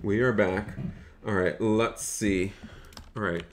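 A man live-streaming a roleplay game, chatting excitedly with his viewers and calling out to customers, often repeating his phrases. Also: fairly low pitch, takes it slowly, a little hiss or hum. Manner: excitable, chatty, talks straight to his chat; repeats phrases, calls out in a raised shop-counter voice. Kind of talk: live gaming stream commentary.

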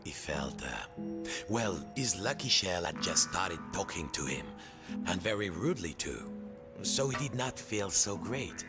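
A very deep male voice telling a story with playful, theatrical swoops in pitch. Music plays clearly behind his narration. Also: very animated, unhurried.

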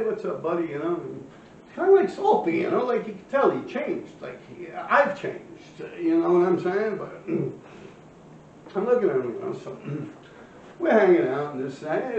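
A man's voice: on the high side, creaky, darkish tone, a little hiss or hum. A man, casually telling a rambling, profane street story full of fillers. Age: 50s. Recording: echoey, distant, muffled room recording with faint ambience.

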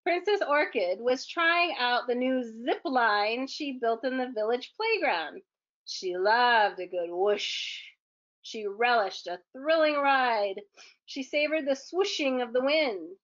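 Slow-reading woman teacher. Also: high voice, lively intonation, a bit bright, muffled recording. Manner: chatty asides to young listeners. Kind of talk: reading a picture book aloud to children.

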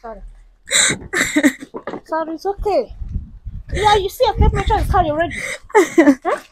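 A woman's voice: extremely high pitch, lively intonation, normal speed, a little mellow, slight background noise, rough recording. An actress playing a young daughter with a Nigerian accent, begging her mother for forgiveness and soothing her. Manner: begging, soothing, repetitive pleas. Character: pleading young daughter, gentle peacemaker. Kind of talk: Nollywood-style skit acting.

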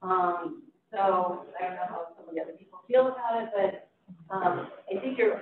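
A woman's voice: on the low side, moderate pace, a crowd in the background. A woman block captain talking at a community meeting, rambling with fillers and restarts, her voice throaty in the morning. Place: city meeting room. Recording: echoey hall, far from mic, phone-like.

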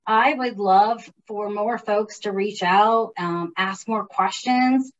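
A woman's voice: mid-range voice, slow pace, dull audio, slight background noise. Woman talking from a distance, hesitant. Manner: hesitant, many fillers and restarts. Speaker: public policy director. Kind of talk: casual informational chat.

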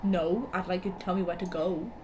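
A woman's voice: lowish voice, brisk, noisy background. A woman hosting a casual let's-play, giggly and self-deprecating as she plays. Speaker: gaming channel host playing the game.

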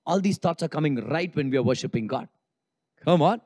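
Animated high-voiced male pastor preaching. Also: fairly quick. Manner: animated, acts out congregants' inner thoughts with humor. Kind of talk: sermon.

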